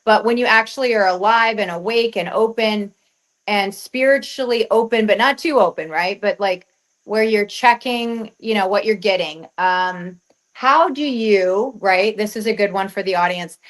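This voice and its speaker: Woman podcast host, mid-range pitch: friendly and talkative, keeps the chat moving. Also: poor audio. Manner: chatty and encouraging, quick asides to the audience. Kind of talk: casual interview chat.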